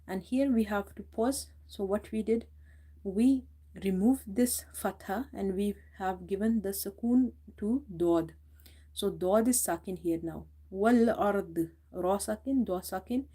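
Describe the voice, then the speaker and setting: Female tajweed teacher, patient and explanatory, mellow voice, slow drawn-out recitation. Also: mid-range voice, husky.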